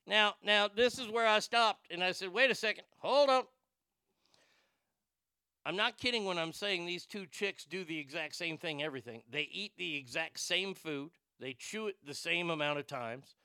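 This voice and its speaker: Male radio host, bright crisp tone, dry studio sound, animated crude rants full of restarts. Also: high voice, dry recording. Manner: animated, stammering restarts, crude mocking asides. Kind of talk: ranting talk radio monologue.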